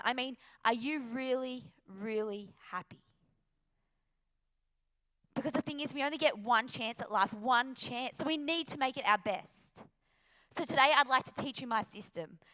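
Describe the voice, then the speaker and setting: A woman's voice: high-pitched, bright, forceful tone. An Australian woman giving an earnest, emphatic motivational talk with rhetorical questions. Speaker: motivational speaker.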